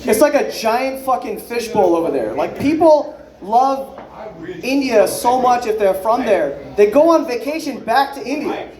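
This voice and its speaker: A man in his thirties works through a loose, profane stand-up set, his voice sitting fairly high for a man. He rambles and acts out other people's lines. The sound is roomy, with a crowd audible in the club. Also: animated, a little slow. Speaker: stand-up comedian. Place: comedy club stage with a live audience. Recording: echoey club room with crowd. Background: audience laughter.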